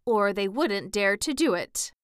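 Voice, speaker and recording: A woman reads out a bossy tiger lily in a storybook, loud and scolding, her voice smooth and dry as it snaps at the chattering flowers around her. She is quick to take offence. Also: medium pitch, expressive, dry recording, natural voice. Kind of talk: storybook character reading.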